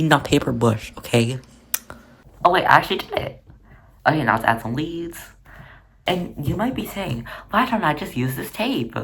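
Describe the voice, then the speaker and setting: In a husky, medium-pitched voice, a crafting vlogger chats through their own paper project in a casual narrated vlog, rambling along and poking fun at themselves.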